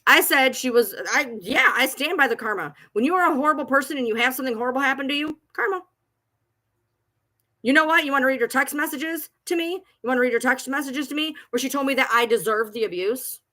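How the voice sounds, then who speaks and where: A woman's voice: sits high, quick pace, sharp tone. A woman at home ranting on a livestream, agitated and profane, repeating herself as she talks back to critics. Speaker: TikTok creator. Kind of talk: livestream rant.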